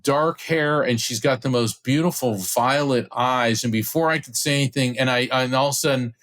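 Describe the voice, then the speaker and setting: A middle-aged man, a guest on an interview podcast, telling a story with excitement and acting out the voices of the people in it. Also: medium pitch, normal speed. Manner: acts out quoted voices, excited retelling. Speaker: podcast guest, psychic medium.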